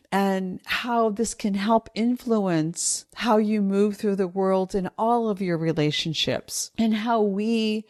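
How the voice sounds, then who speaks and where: A woman hosting a solo podcast for dog owners, coaxing listeners gently and rising into lively bursts of encouragement. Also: medium pitch, no echo, studio quality. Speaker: podcast host and dog trainer.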